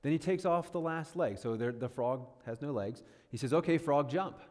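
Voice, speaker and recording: A man in his thirties from northern New York State, medium-pitched with a darkish tone, speaks animatedly at normal speed. As a guest speaker giving a casual sermon-style talk, he's chatty and self-deprecating and often checks in with listeners, all in long hall reverb.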